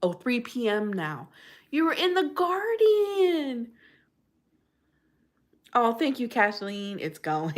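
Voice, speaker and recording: A woman's voice: on the high side, huge pitch swings, takes it slowly, pauses often. A woman hosting a casual livestream, chatting and greeting viewers by name in a bubbly way. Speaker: livestream host.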